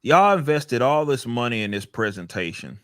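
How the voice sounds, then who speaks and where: A man's voice: medium pitch, sing-song, normal speed, no room sound, studio quality. A man chatting on a podcast, ranting and swearing, often repeating words as he thinks. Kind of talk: casual podcast chat.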